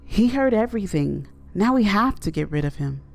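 A woman's voice: medium pitch, moderate pace, vocal fry, pitched above the performer's own voice. A woman doing a blunt, callous thief man. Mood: angry. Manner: flat, blunt. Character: callous male thief, adult.

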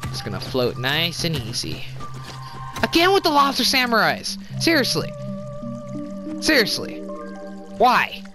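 A woman giving casual let's-play commentary, chatty and apologetic, quick to exclaim at what happens on screen. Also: mid-range voice, huge pitch swings. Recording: game music behind voice.

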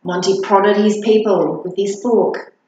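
Woman reading a kids' book, slow and very expressive, echoey room, muffled lo-fi sound. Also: medium pitch. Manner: playful and animated, asks the listener questions. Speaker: storybook reader. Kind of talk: reading a picture book aloud for children.

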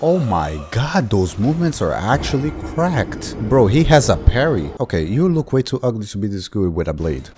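A man giving animated let's-play commentary as a gaming YouTuber, ranting and swearing mildly with sudden shouted outbursts. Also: lowish voice, moderate pace, hardly any pauses, background noise.

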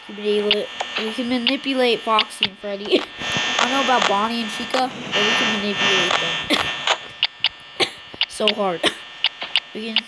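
Slow-talking woman, game commentary over loud hum. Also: medium pitch. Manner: excitable, laughs and coughs often, talks to game characters. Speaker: gameplay commentator. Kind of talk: casual gameplay commentary. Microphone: close personal mic. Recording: loud mains hum, clicks.

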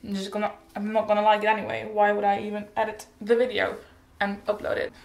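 A woman's voice: medium pitch, completely flat delivery, quick pace, vocal fry, roomy sound. A teenage girl chatting casually in a rambling, bubbly update vlog, often laughing and correcting herself. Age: teens. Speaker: vlogger.

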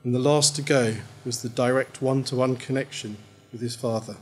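A man reading his own short story aloud at a live event, in a measured storytelling manner. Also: medium pitch, steady tone, over music.

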